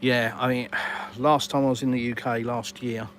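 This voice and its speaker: Speaking at a normal speed with a medium, fairly bright but flat voice, this middle-aged Englishman chats on a live stream by his outdoor swimming pool. He has an English accent, answers viewers using plenty of fillers and British slang, and there's slight background noise.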